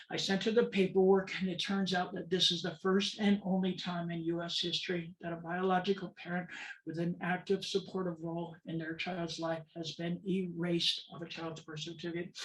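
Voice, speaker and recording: A woman's voice: on the low side, fairly bright tone, slight background noise. A woman advocate giving a talk about her life, telling her story dramatically and acting out the voices of the people she quotes. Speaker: transgender advocate and speaker. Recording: roomy, distant mic.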